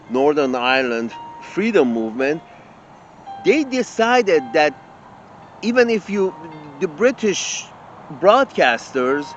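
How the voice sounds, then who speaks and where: A man's voice: a little high, dull audio, a little hiss or hum. A man delivering an indignant, profane open-letter rant as host of his own channel, tripping over his words and restarting often. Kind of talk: ranting open-letter monologue.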